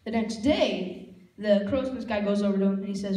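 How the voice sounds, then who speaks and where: A man's voice: sits high, little pitch movement, fairly quick, warm tone. A man performing a stand-up comedy set on stage with a handheld mic. He tells rambling, self-deprecating stories and acts out the people in them. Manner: rambling self-deprecating storytelling with acted-out quotes. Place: comedy stage before a laughing audience. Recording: echoey room with faint noise.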